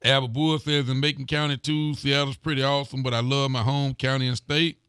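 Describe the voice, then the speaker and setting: A man's voice: medium pitch, flat delivery, fairly quick, fairly bright tone, clear, resonant tone, no echo, clean studio sound. A man, a sheriff hosting a local live talk show, chatting casually and greeting viewers by name. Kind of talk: casual live-stream chat reading viewer comments.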